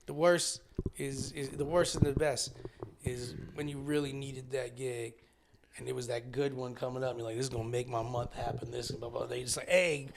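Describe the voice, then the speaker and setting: A stand-up comedian co-hosting a podcast, an animated storyteller who swears freely in casual chat. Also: male voice, medium pitch, normal speed, creaky, noisy background.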